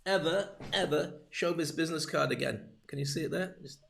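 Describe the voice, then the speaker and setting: Lively, joking man coaching on business. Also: a little high, brisk, gravelly, slight background noise. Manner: lively, jokey, talks straight to camera. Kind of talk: live-streamed business talk.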